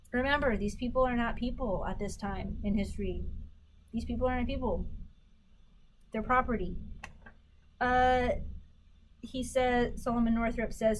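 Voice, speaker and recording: A woman's voice: a little high, slight background noise, rough recording. A woman teaching a history lesson, who reads quotations from documents aloud and asks questions that she then answers herself. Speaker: history instructor. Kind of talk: recorded lecture on primary documents.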